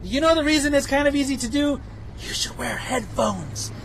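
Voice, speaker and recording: Man, very high voice, casual gameplay commentary, self-mocking and chatty, faint game noise behind. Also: lively intonation, moderate pace, a bit bright, rough recording. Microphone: headphones with mic.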